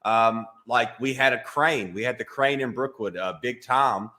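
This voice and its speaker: Bright-voiced Alabama comedian with a thick accent. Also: male voice, medium pitch, unhurried. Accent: Southern US, Alabama. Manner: deadpan self-mocking tall-tale telling. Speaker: comedian guest. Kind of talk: casual storytelling interview.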